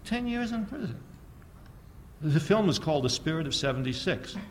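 Older male lecturer, sardonic storyteller with a lively, swooping delivery, faint room noise behind. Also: on the high side, normal speed. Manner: sardonic, storytelling, asks the audience rhetorical questions. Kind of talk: public lecture.

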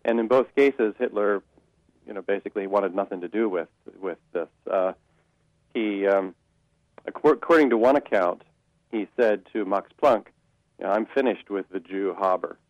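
A man, an author answering an interviewer's questions, speaking in a measured way with frequent restarts and fillers. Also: lowish voice, no echo, dull audio. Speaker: author and guest.

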